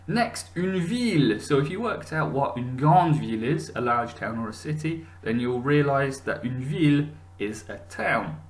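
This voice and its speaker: A man teaching a recorded lesson, patient and encouraging, with many fillers and restarts. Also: mid-range voice.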